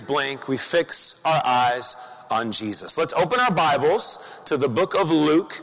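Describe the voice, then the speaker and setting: High-voiced male pastor in a reverberant hall. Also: a bit bright. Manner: conversational, rhetorical questions to the congregation. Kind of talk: sermon.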